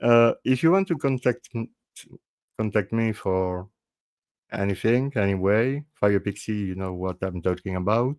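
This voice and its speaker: A man with a French accent, a native French speaker hosting a panel podcast in casual chat, halting and restarting often. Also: fairly low pitch, a little mellow, no echo. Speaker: podcast host.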